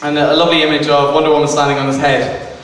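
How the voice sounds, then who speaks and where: Before a live audience at an arts centre, a man with a slightly high, level, somewhat bright voice gives a fast, stand-up style comic lecture. He's hesitant and self-mocking, full of ums and restarts. The recording is echoey, distant, and noisy.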